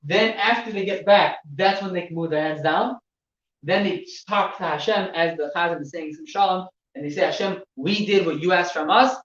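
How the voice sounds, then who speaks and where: A man teaching religious laws to a class, explaining step by step with halting repeats and gestures. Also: high-pitched, a bit bright. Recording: echoey room, distant mic, dull sound with faint noise.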